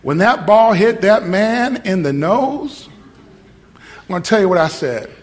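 A high-voiced man preaches a sermon, telling stories and calling on the congregation to answer back. He builds from conversational passages up to shouted peaks. His voice carries a long reverb from the hall around him. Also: expressive, unhurried. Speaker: pastor. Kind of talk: sermon with call-and-response. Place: church hall with live congregation.

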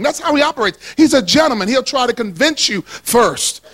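A man preaching a lively sermon to a congregation, calling for responses, joking and swinging between quiet asides and shouts. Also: very high voice, a little fast, hardly any pauses. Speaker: pastor. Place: church sanctuary with congregation.

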